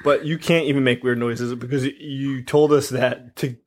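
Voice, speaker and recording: A man's voice: medium pitch, steady tone, normal speed. A man co-hosting a horror movie podcast in casual chat, making dry, wry asides. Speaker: podcast co-host.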